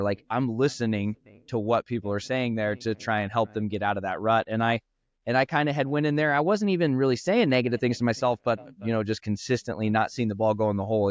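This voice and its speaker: On a laid-back podcast, a golf teacher and brand founder talks in earnest, his speech quick and thick with fillers. His voice sits on the low side, clear and resonant, in a dull recording with no room sound.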